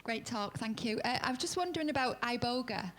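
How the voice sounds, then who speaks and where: A therapist in the audience politely asking the speaker a question. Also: female voice, a little high, expressive, fairly quick, background noise.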